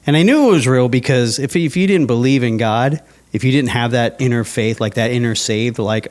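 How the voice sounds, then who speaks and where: A man, likely in his twenties, sharing his faith story in a relaxed interview, acting out his own past thoughts in lively quoted asides. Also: mid-range voice, fairly quick. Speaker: guest sharing his testimony. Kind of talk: casual conversational interview.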